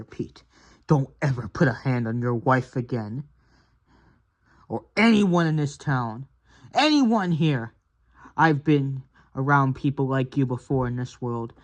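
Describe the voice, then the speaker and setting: A woman voicing a stern man who confronts an abuser with steady threats in a fan-made stop-motion toy drama. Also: extremely low pitch, highs cut off.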